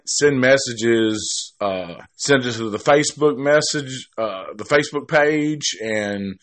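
A man's voice: medium pitch, pushed and bright. A man giving a casual, rambling film review, cursing freely and restarting his sentences often. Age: adult. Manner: rambling and profane, with many restarts. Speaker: movie reviewer.

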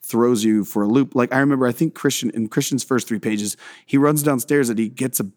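A man's voice: mid-range voice, fairly quick, a little mellow, no echo, studio quality. A man guest on a podcast, talking about filmmaking in a rambling, self-deprecating way, swearing often and restarting his sentences. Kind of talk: casual podcast interview.

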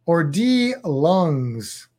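A man's voice: a little high, big pitch swings, very slow, darkish tone. Playful man reading quiz questions. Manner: playful, jokey quizmaster. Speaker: host. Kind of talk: casual quiz chat.

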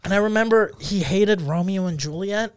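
A man with a notably high voice co-hosts a loose podcast conversation. He tells stories with animated energy, jumps into other people's voices, and swears freely. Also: normal speed, clear, resonant tone. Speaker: podcast co-host. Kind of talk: casual podcast chat.

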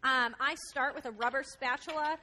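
A woman's voice: sits high, steady tone, normal speed, noisy background. A woman chef demonstrating a recipe on live radio, explaining step by step with many "um" fillers. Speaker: chef and cooking instructor.

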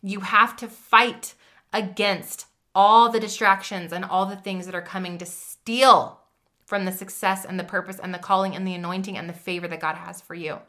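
A woman podcast host delivers an emphatic, chatty motivational monologue, talking straight to the listener like a friend. Her medium-pitched voice is steady in tone, bright and pushed, at a normal speed, with fillers and restarts throughout.

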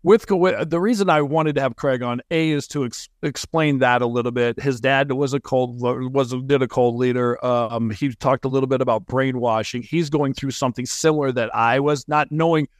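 A man's voice: mid-range voice, fairly even intonation, moderate pace, hardly any pauses, no room sound, clean studio sound. A man hosting a podcast interview, talking in an earnest, emphatic way. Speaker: podcast host.

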